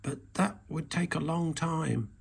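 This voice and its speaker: A man reading a storybook aloud and voicing a small, fussy male hedgehog with a squeaky, huffy manner. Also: slow, creaky, husky, exaggerated voice. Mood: thoughtful.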